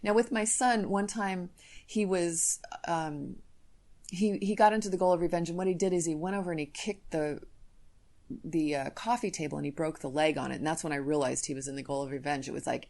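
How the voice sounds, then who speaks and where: A woman's voice: deep voice, steady tone, fairly quick, creaky, a little mellow. A middle-aged woman hosting a parenting podcast, teaching and telling candid family stories with frequent restarts. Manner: candid, storytelling, self-interrupting restarts. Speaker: podcast host, parenting coach.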